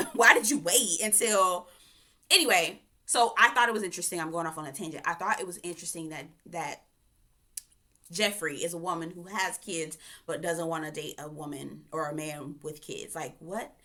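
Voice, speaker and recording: A woman from Florida reviewing a reality TV show in a casual, animated rant, often going off on tangents. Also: low-pitched, fairly quick. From Florida, USA. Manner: chatty, animated, goes off on tangents, frequent laughter.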